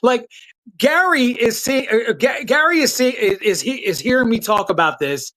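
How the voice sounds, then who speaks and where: This political commentary streamer has a very high, expressive, somewhat bright voice and speaks at a moderate pace, captured in a low-quality recording. He speaks with heat and bluntness to his chat, using casual slang and frequently restarting sentences.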